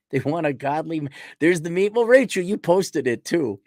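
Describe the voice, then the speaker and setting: A man's voice: on the high side, lively intonation, a little slow, pauses often, darkish tone, dry recording, studio quality. A man hosting a livestream, reading out viewer donations and answering them in a blunt, sarcastic way with mocking asides. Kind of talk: casual livestream chat.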